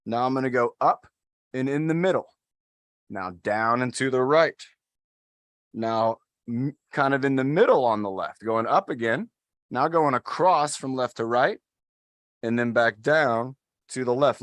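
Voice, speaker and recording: A man's voice: mid-range voice, moderate pace, no room sound, studio quality. A man instructing an adaptive fitness class, talking in an upbeat, encouraging way and counting down the holds. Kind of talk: guided workout instruction.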